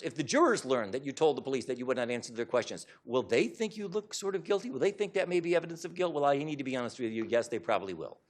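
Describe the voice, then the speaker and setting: A man delivers a public talk to an audience, speaking fast and with plenty of emphasis. His voice sits at an ordinary middle pitch. He lectures with animated conviction. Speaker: author giving a talk.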